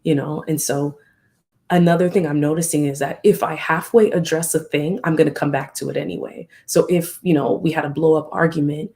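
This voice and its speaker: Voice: medium pitch, fairly even intonation, a little fast, a little mellow. A host talking candidly and reflectively in a casual live stream, often acting out remembered exchanges.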